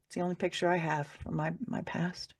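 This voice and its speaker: Speaking a little fast in a husky, lowish voice with little pitch movement, a woman author shares a personal story on a podcast. She swears freely, stays candid, and laughs her way through the painful parts.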